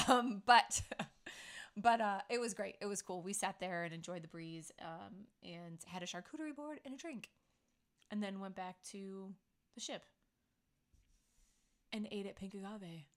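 A middle-aged woman hosts a relaxed chat. She tells stories in a playful, chatty way and acts out the lines of the people she quotes. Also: mid-range voice, a little slow, long pauses. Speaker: podcast host. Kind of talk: casual chat.

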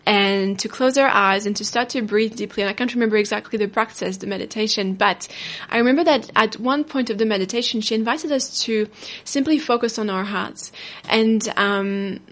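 A woman hosting a podcast as a self-love coach, telling a personal story in a reflective way that slows down on emotional words. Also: mid-range voice, fairly bright tone. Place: indoor studio.

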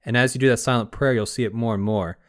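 A man hosting a spiritual podcast, talking in a calm, gently instructive way. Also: mid-range voice, fast. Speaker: podcast host.

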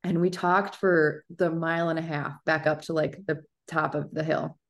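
A woman in her thirties, co-hosting a podcast, telling an animated story in casual chat with plenty of fillers. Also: deep voice, moderate pace, creaky. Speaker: podcast co-host.

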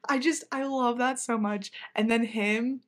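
A woman's voice: a little high, steady tone, unhurried. A woman co-hosting a book podcast, talking casually with many fillers and trailing-off sentences. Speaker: podcast co-host.

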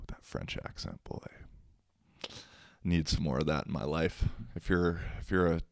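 A man's voice: rumbling low, a little slow, gravelly, no room sound, studio quality. A young man hosting a solo podcast, chatting casually in a slangy, rambling, self-mocking way. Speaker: podcast host.

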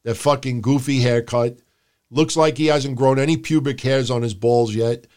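A man co-hosting a wrestling podcast, recapping the show in casual, profane chat and shouting out quotes in a high voice. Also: moderate pace. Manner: animated, profane, mimics people in loud high shouts. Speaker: podcast co-host.

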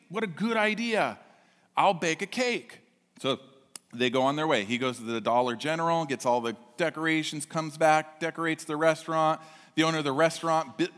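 A male pastor telling a story in a sermon, with an animated, chatty manner. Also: mid-range voice, long reverb tail.

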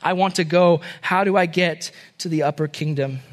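A man's voice: fairly high pitch, fairly even intonation, moderate pace, close to an everyday voice. Man doing a tearful beggar, earnest, pleading. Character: poor grateful male beggar, tearful.

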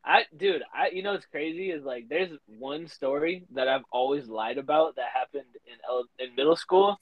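A man's voice: fairly high pitch, normal speed, no echo, lo-fi sound. A young man co-hosting a podcast, telling stories in casual chat, swearing a lot and laughing often. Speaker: podcast co-host.

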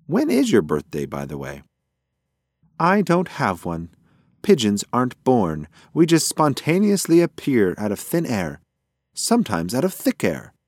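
A man voicing a boastful, joking male pigeon who talks in loud, high, theatrical bursts. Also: huge pitch swings, measured pace, dry recording, studio quality, heavily acted.

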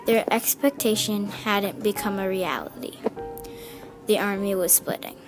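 A woman's voice: mid-range voice, fairly even intonation, measured pace. A young woman reading a war story aloud, giving the dialogue slight voice changes. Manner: reads dialogue with small voice changes. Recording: music clearly heard behind.

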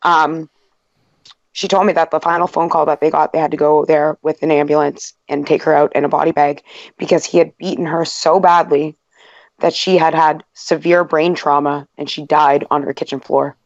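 A woman's voice: deep voice, little pitch movement, moderate pace, dry recording, highs cut off. A woman in casual podcast chat, telling a story frankly and swearing freely.

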